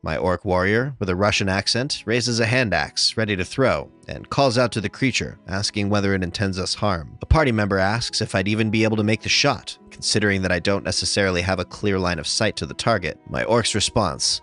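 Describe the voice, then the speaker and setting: A man narrating tabletop game stories in a scripted, even reading. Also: fairly low pitch, fairly quick, hardly any pauses. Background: faint music.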